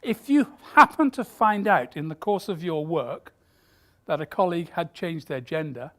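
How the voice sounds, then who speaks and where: Woman, deep voice, emphatic and candid keynote speaker. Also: animated. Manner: emphatic and candid, with quick asides. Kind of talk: corporate keynote talk.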